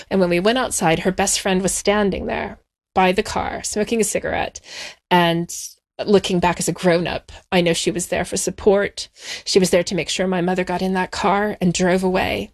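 A woman in an interview, telling a personal story from her childhood in a measured, reflective way and slowing down on the painful parts. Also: fairly low pitch. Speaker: interview guest.

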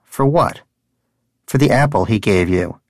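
A man's voice: lowish voice, animated, unhurried, dry recording, studio quality. A man voicing a lazy, smug male pet rodent who talks in a glib, mock-refined, sarcastic way.

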